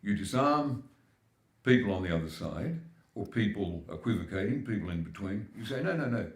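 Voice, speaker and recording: Older Australian man, very deep voice, emphatic keynote speaker, echoey hall. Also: animated, normal speed. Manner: emphatic, building points with repetition. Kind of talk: public speech at a forum. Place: large hall at a live forum.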